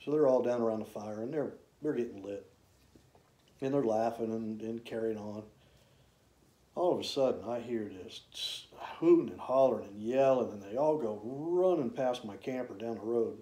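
A man with a mellow, warm drawl tells old hunting-camp yarns in a loose, rambling way. His pitch sits in a middle range, and he leans on drawn-out fillers. The recording has a roomy echo around his voice. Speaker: hunter reminiscing. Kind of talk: casual storytelling.

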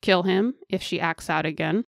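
A woman's voice: on the low side, normal speed, vocal fry, no room sound, clean studio sound. A woman voicing a harsh male captor who speaks with cold skepticism and contempt. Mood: calculating.

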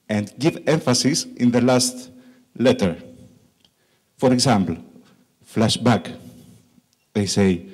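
Here a country manager addresses a conference in a mid-range, slightly rough voice, his Greek accent colored by Italian. Frequent "uh" fillers mark his speech as he pokes fun at his English and slows deliberately to stress points.

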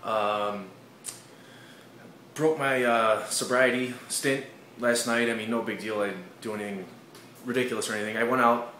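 A young man rants into the camera, rambling and swearing with plenty of uhs and likes. His pitch sits mid-range. The room is echoey and has a faint hum behind him. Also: steady tone, moderate pace, pauses often, pushed and bright. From Chicago. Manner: rambling, profane, lots of fillers. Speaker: vlogger. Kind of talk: casual rant vlog.

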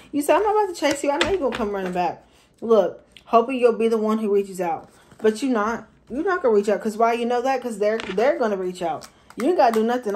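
A woman's voice: on the high side, noisy background. Chatty woman giving a tarot reading. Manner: chatty, slangy, repeats herself for emphasis. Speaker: tarot reader. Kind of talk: casual tarot reading for viewers.

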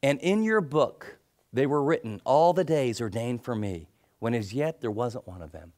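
A middle-aged male pastor preaching a sermon, telling stories and acting out the people in them, then dropping into soft, intense tones. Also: medium pitch, animated, normal speed. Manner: storytelling, acts out quoted people, drops to soft intense tones.

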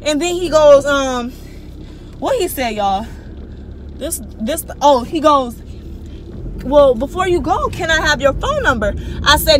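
A young woman vlogger in her twenties telling a story in a casual, animated, slangy way, calling viewers y'all. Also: high-pitched, measured pace, noisy background. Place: walking outdoors, then her closet at home.

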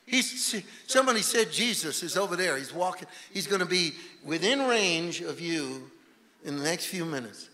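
A man preaching a revivalist sermon as a guest preacher in a church, swinging from shouting to hushed intensity. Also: on the high side, lively intonation, moderate pace. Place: church sanctuary. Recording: reverberant church hall, faint room noise.

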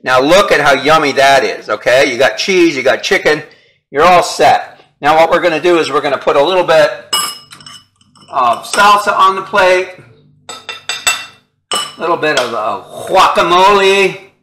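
A man's voice: fairly high pitch, normal speed, pauses often, noisy background. A man hosting a casual home cooking demonstration, chatty and upbeat, often checking in with "okay?" and "right?" as he works in his kitchen. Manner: upbeat and enthusiastic about the food. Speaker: chef hosting a cooking show.

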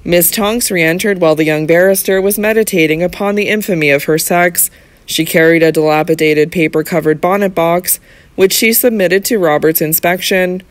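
Dry, measured audiobook narrator. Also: medium pitch, dry recording. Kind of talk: scripted narration of a Victorian novel.

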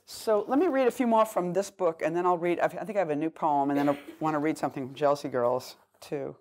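A woman's voice: low-pitched, fast talker, a little mellow. A woman with a Boston accent giving a live poetry reading, with loose, rambling asides full of fillers and restarts between poems. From Boston, USA. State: semi jet lagged. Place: bookshop event space before an audience.

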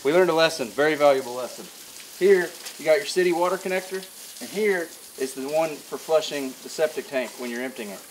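A man's voice: on the high side, fairly quick, noisy background. A man co-hosting an outdoor show, joking and needling his partner. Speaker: show co-host. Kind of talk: casual outdoor show chat.

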